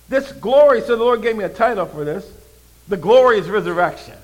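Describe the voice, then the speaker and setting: Male pastor, high voice, call-and-response preaching, shifts from loud proclaiming to quiet asides. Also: lively intonation, a little fast, rough recording. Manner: swings between loud proclaiming and low conversational asides. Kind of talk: sermon.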